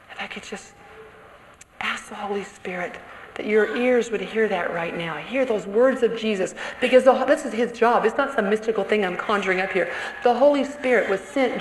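A woman preaching a sermon to other women, animated and storytelling, sometimes acting out an accusing inner voice. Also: fairly high pitch. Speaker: women's conference speaker. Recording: echoey hall with faint room noise.

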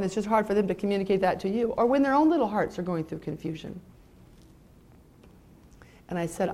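A middle-aged woman from California, giving an emotional Christian testimony to an audience as a mother, moving between bright emphasis and hushed intensity. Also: medium pitch, a little fast, pauses often. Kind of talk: sermon-style personal testimony.

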